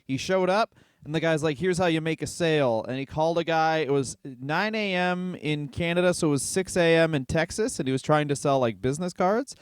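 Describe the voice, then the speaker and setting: Wry, higher-voiced man co-hosting a podcast. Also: a little fast, few pauses, smooth, no room sound. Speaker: podcast co-host. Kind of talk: crude comedic banter. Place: home garage.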